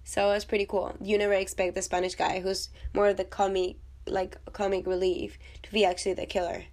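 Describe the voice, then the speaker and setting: A woman's voice: mid-range voice, level tone, brisk, darkish tone. A woman vlogger talking casually about a film, chatty and blunt, with swearing and rambling asides. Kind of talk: casual chat.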